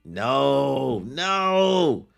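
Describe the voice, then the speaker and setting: A frightened young woman begs to be let go, as a man reads her lines aloud. The voice is unhurried and rises when she pleads. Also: medium pitch, very animated, gravelly, fairly bright tone, soft background music, heavily acted. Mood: pleading.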